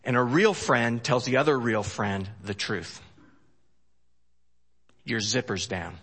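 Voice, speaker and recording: Man, pastor, sermon, folksy jokes, animated delivery, ringing bright tone. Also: medium pitch, takes it slowly, husky. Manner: animated, swinging from loud emphasis to hushed storytelling; folksy and joking.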